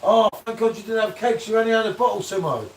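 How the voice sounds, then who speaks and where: A man's voice: high-pitched, quick pace, a little hiss or hum. A man hosting a casual live beer-review stream, bantering and reading out viewer comments. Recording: echoey room, distant from the mic.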